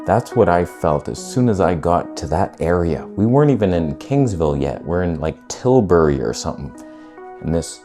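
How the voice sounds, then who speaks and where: A man telling a story on his vlog, his pitch swinging widely as he goes. His tone is warm and mellow rather than bright. He talks in laid-back slang and swears now and then. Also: normal speed, soft background music. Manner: animated retelling that acts out quoted voices. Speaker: vlogger.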